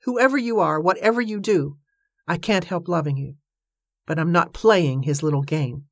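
Give me a bitter, heartbroken man speaking softly, as a woman narrator puts him on. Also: fairly low pitch, normal speed, no room sound, clean studio sound. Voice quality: soft, sad and accusing.

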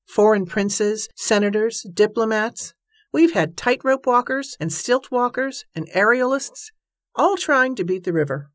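A woman voicing a shy, earnest Canadian riverman who talks in a halting, bashful way, in a storybook reading. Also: on the high side, no room sound, clean studio sound, voice pushed up, close to an everyday voice. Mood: storytelling.

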